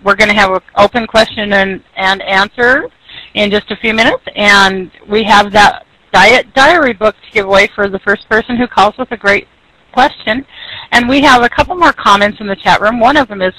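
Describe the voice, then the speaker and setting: A radio host with a bright, crisp voice announces call-in details at a brisk clip. The sound is dry and close to the mic. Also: mid-range voice, no room sound, poor audio. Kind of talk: radio interview.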